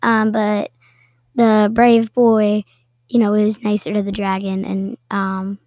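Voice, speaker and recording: A woman reading a children's picture book aloud with playful, expressive storytelling and little asides. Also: mid-range voice, takes it slowly, no echo. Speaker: storybook reader.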